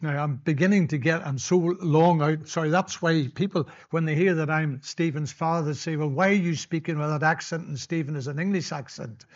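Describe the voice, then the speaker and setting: A man's voice: on the high side, normal speed, muffled recording. An older man preaching a sermon in a church, candid and conversational, often restarting his sentences.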